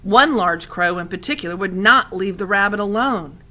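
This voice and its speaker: A woman's voice: medium pitch, moderate pace, pushed and bright. A woman reading a children's novel aloud expressively, adding asides to the listener. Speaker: audiobook reader.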